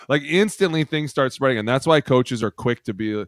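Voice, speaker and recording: A man's voice: mid-range voice, lively intonation, a little fast, hardly any pauses, no echo, studio quality. A man co-hosting a casual podcast, telling profane stories and acting out quotes from teammates and coaches. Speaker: podcast co-host, former lineman.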